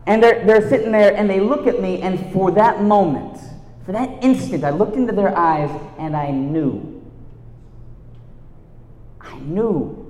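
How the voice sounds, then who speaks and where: Male preacher, slightly high voice, animated storyteller turning quiet and earnest, roomy reverb. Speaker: youth speaker and teacher. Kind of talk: storytelling sermon. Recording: echoey hall with long reverb.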